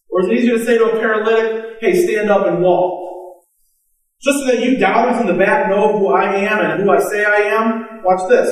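Man, pastor, sermon, high-pitched, animated storytelling with acted-out voices, strong hall echo. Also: a little fast. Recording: echoey hall from far off.

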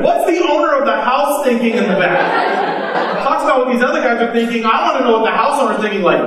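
A man with a high voice preaches to his congregation, retelling the story with lively energy and putting on quick voices for each character. He sounds far from the microphone, and his words ring through a very echoey hall. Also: crowd noise. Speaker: pastor. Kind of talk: sermon.

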